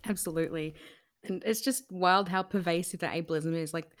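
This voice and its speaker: A woman's voice: on the low side, normal speed. A woman guest in an interview, speaking candidly and emotionally with many fillers and restarts.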